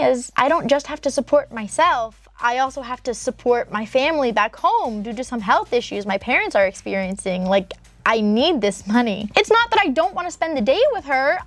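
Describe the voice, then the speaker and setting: A high-pitched young woman with an emphatic, sarcastic way of talking, reading a submitted story aloud and commenting on it. Soft music plays behind her voice. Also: no echo. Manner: emphatic and sarcastic, with drawn-out pauses.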